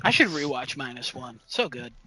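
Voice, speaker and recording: A man co-hosting a podcast in casual chat, excitable and swearing freely. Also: mid-range voice, normal speed, rough recording. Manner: excitable and profane. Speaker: podcast co-host.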